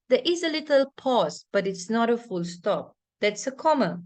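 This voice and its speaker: A woman's voice: on the high side, moderate pace, hardly any pauses. A woman with a Malaysian English accent teaching an online English lesson, explaining patiently and often checking in with her students. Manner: reads example passages aloud with expressive intonation.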